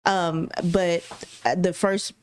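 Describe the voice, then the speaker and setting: A woman's voice: on the low side, level tone, very slow, darkish tone, clean tone, no echo. A young adult woman co-hosting a casual podcast chat, telling candid stories about her work calls and laughing often. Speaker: podcast co-host.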